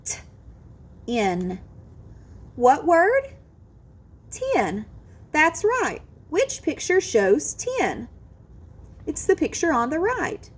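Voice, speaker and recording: A woman teaching a kindergarten phonics lesson, sounding out words slowly and with exaggerated care. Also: very high voice, wildly swooping pitch. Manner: drawn-out, exaggerated sounding out of words, sing-song encouragement. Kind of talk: slow, careful phonics lesson for young children.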